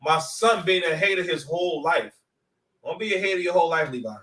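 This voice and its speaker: A man chats about battle rap at home while his son is nearby, joking and rambling with lots of halting repeats. He has a fairly high, slightly bright voice and speaks fairly quickly. The mic is distant, so he sounds off-mic in an echoey room.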